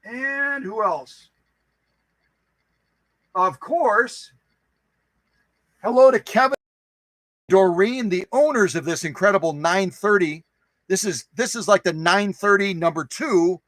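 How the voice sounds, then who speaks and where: A man's voice: sits high, slow, pauses often, a bit bright, no echo, low-quality recording. A man hosting a live stream who chats casually with viewers, greeting them by name in a playful, goofy way and repeating phrases for fun.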